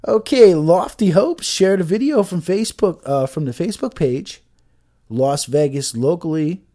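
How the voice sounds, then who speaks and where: A man's voice: on the high side, lively intonation, moderate pace, warm tone. A man casually reading out news stories and adding profane, sarcastic asides, often trailing off and mumbling to himself. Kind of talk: casual comedic news commentary.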